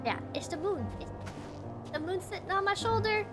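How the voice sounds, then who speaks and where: A woman's voice: very high voice, expressive, normal speed. A woman streaming a video game, chatting in a bubbly way with her viewers. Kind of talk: casual gameplay commentary. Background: game music.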